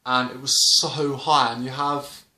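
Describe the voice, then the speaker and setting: A young man with a bright, sharp voice tells a casual story straight to camera. He rambles, restarts and leans on fillers as he goes. The room around him sounds noticeably echoey. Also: medium pitch, level tone, a little slow. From Britain. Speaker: vlogger. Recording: roomy indoor echo.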